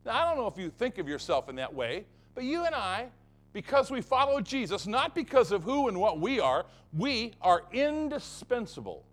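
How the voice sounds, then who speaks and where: A man's voice: high-pitched, sing-song, moderate pace. A man preaching a sermon as pastor of his church, emphatic and fond of repeating phrases for effect.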